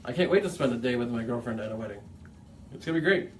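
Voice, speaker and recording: A man co-hosts a casual studio podcast, joking and heckling the others. He talks at a rapid clip and sits a little way back from the microphone. A faint hiss runs under the recording. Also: mid-range voice, expressive. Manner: joking, heckling, quick talker. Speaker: co-host. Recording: distant from mic, faint room noise.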